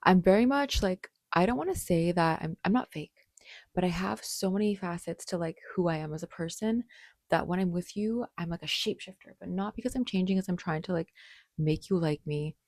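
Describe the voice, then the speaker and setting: A woman's voice: on the low side, a little fast, a little mellow, no echo. A woman in her late twenties talking casually to camera in a rambling, bubbly way with lots of fillers. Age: late 20s. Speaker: vlogger.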